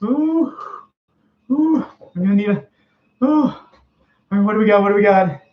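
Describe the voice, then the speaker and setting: Voicing Morty, the scared, stammering fifteen-year-old, a man hosting a live-stream character chat speaks high-pitched, expressive and at a moderate pace. He keeps stuttering out worried bits like "oh geez" and "oh boy." The recording sounds dull and lo-fi, with room echo.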